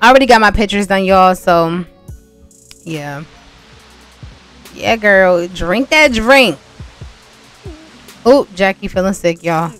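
A woman's voice: mid-range voice, unhurried, pauses often, soft background music. A young woman giving casual, chatty gameplay commentary, talking straight to her viewers with exasperated asides. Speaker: gameplay vlogger.

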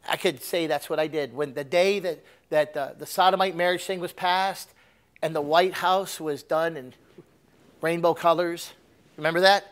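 A man preaching a sermon, animated, swinging between loud emphatic bursts and low asides. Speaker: pastor.

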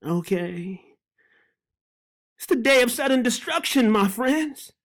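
A Bible teacher with a voice that sits high teaches at a moderate pace, fervent and excited. The teacher repeats phrases, prays aloud, and breaks off mid-sentence with laughter.

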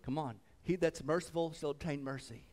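A man preaching a sermon as pastor, swinging between loud fervent passages and hushed reverent ones, repeating phrases and calling out "come on.". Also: a little high, fairly even intonation, a little fast.

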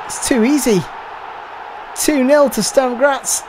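A man commentating on his own football video game match, switching between hushed despair and shouted celebration. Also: very high-pitched, slow pace, background noise. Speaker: gaming commentator. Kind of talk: excited gameplay commentary.

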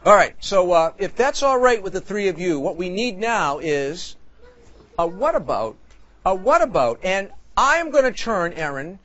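Jokey priest quiz host, high bouncy voice, excitable, dull studio sound. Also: male voice, unhurried. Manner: jokey, animated, shouts excitedly. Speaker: priest and game show host. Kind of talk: lively game show hosting. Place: TV studio with audience.

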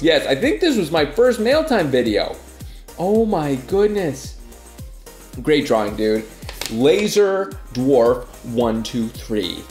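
A young man vlogging about his fan mail with a stuffy nose from a cold, gushing with excitement. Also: a little high, reverberant. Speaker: YouTuber. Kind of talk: casual vlog reading fan mail.

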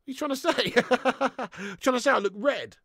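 A young man hosting a live football watch-along, chatting with viewers in a laddish, sweary way and breaking into shouts at big moments. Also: extremely high pitch, normal speed, no echo, clean studio sound. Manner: laddish banter, swears freely, reads chat aloud, bursts into shouts. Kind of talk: live stream chat and commentary.

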